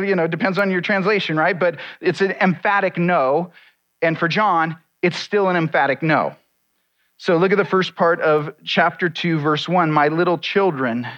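A man's voice: on the high side, a bit bright, highs cut off. A pastor delivering a conversational sermon to his congregation, with asides and small jokes to the listeners. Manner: conversational, self-deprecating preaching with asides to the congregation.

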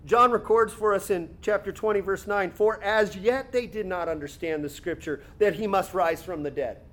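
A man preaching an expository sermon, reading scripture aloud and then explaining it in a conversational way, slowing down to stress key words. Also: high voice, fairly bright tone. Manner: slows down and stretches words for emphasis.

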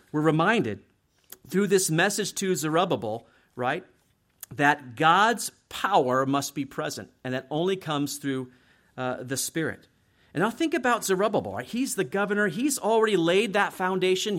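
A middle-aged male pastor with a slightly high, somewhat bright voice preaches a sermon. His tone is conversational, and he frequently checks in with the tag question "right?".

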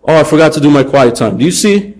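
A man preaching a sermon, animated, acting out taunts in a raised voice and dropping quiet for emphasis. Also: fairly high pitch, fast talker, rough recording. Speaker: pastor.

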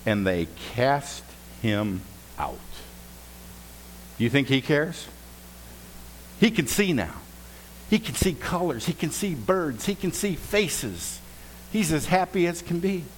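A man preaching a sermon as pastor, telling jokes and stories in an animated way. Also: fairly high pitch, takes it slowly, long pauses, slight background noise, low-quality recording.

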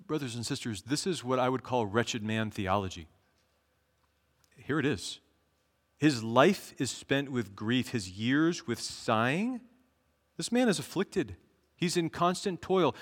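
A man's voice: mid-range voice, animated. Male pastor preaching in an echoing hall. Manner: earnest, slows down to read scripture aloud. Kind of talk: sermon. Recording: long echo of a large hall.

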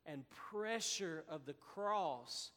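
A man preaching a sermon as pastor, slow and deliberate with emphatic pauses. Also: on the high side, lively intonation, fairly bright tone, big-room sound.

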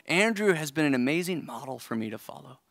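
A man's voice: fairly high pitch, animated, fast talker, creaky, a bit bright, dry recording, clean studio sound. A man in his forties preaching a sermon as pastor, earnest and conversational, thinking aloud as he goes. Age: 40s. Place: church service.

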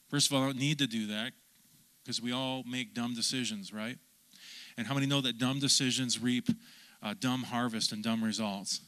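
Pastor guy preaching, bright voice, gets people to answer back. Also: mid-range voice, moderate pace. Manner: animated, calls for audience response. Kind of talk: sermon.

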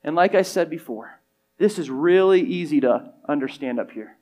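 A man with a slightly higher voice preaches a sermon. He talks in a casual, conversational way and acts out other people's lines. His volume swings from loud emphasis to soft, quiet lines. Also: animated, moderate pace. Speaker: pastor.

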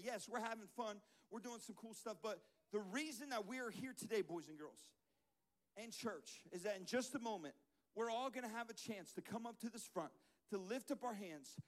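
A man leading a lively children's church sermon in a church, joking around and getting the room to repeat phrases back to him. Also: high-pitched. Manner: playful, jokey, leads call-and-response. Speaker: children's pastor. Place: church sanctuary.

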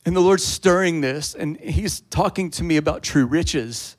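Pastor telling a story in a sermon. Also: male voice, fairly high pitch, a little slow, hardly any pauses. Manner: conversational storytelling that rises to loud, fervent preaching.

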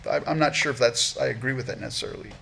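Man, pastor, expository sermon, husky voice, earnest, verse-by-verse teaching. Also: medium pitch, steady tone, racing, fairly bright tone. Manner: earnest, explains verse by verse, repeats words while restarting.

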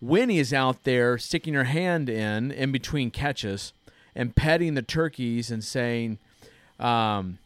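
Speaking slowly with few pauses, a church podcast host in his thirties tells a story earnestly in casual chat, often restarting his sentences. His medium-pitched voice is animated and clean in tone.

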